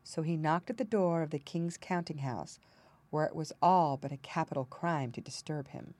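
Low-voiced expressive woman reading a fairy tale. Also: moderate pace, dry recording. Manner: expressive storytelling. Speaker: narrator. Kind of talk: audiobook narration.

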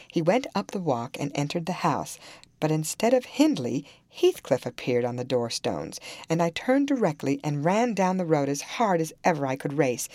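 A woman narrating a classic novel in an expressive, dramatic reading style. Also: low voice, no room sound. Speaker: audiobook reader. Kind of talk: storybook narration.

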